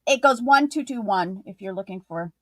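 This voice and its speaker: A woman's voice: medium pitch, animated, normal speed, no room sound. A woman with a Boston accent co-hosting a live craft sale, chiming in with short remarks and order counts. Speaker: co-host tracking orders. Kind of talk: casual live sale chat.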